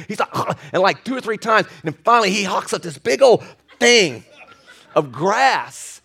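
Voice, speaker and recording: This older man preaches in a high, light voice. His sermon is folksy and full of jokes, and he trips over his words and restarts as he goes. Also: expressive, normal speed, sharp tone, slightly rough. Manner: folksy and joking, with many restarts and asides. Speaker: pastor.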